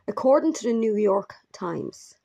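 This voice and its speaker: A woman narrating a true crime story in a measured, grave manner with brief asides. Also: medium pitch, lively intonation, vocal fry, warm tone.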